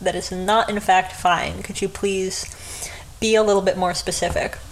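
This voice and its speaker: A woman's voice: mid-range voice, steady tone, normal speed, a little hiss or hum, close to an everyday voice, rough recording. A woman voicing a jittery young man who has just died, asking flustered, rattled questions. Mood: panicked. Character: jittery young man, newly dead and panicking.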